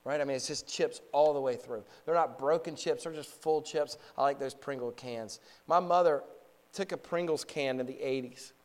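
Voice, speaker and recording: A man preaching a sermon. He asks the congregation rhetorical questions and moves between hushed low points and rising, emphatic peaks. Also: normal speed.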